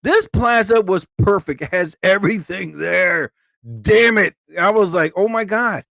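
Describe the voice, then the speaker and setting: A man hosting a live show, rambling through a casual story and jumping to high, exclaimed asides. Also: a little slow, vocal fry, bright, forceful tone, no echo. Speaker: host of a live show and podcast.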